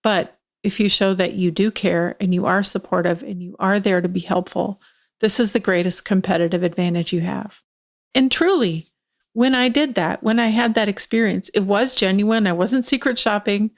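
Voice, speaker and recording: A woman's voice: medium pitch, normal speed. Earnest woman guest telling a story. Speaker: podcast guest. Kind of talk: conversational podcast talk.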